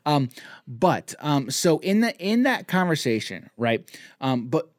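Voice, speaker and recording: A man's voice: fairly high pitch, big pitch swings, unhurried, no room sound, clean studio sound. A man co-hosting a casual podcast, talking in loose rambling sentences full of restarts and fillers. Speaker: podcast co-host.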